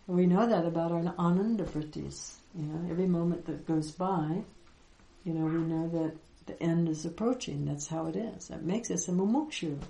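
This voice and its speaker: Woman, spiritual teacher, gentle, reflective, lower pitch, echoey room. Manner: gentle, reflective, with soft laughs and pauses. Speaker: Vedanta teacher.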